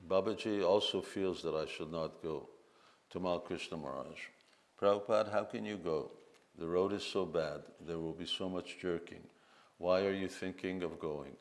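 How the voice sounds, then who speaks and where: A man with a very deep voice reads a memoir aloud at a festival gathering. He reads at a measured pace and stops to lead call-and-response chants. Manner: reads quotes in a measured voice, breaks into leading chants. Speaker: speaker at a temple festival. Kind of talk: reading aloud and speaking to a gathering.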